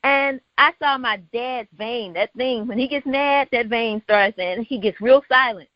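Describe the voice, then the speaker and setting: A woman's voice: a little high, measured pace, dry recording. A woman hosting a casual discussion, telling a long personal story and acting out the dialogue of the people in it. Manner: storytelling, animated, quotes others in dialogue. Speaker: host. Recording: dull lo-fi sound.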